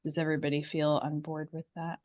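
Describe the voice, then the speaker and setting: A woman speaks over a video call during a remote public meeting, her voice pitched on the low side. The line sounds dull and lo-fi. She explains things at length, padding her talk with fillers. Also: completely flat delivery, quick pace, darkish tone. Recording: muffled video-call audio.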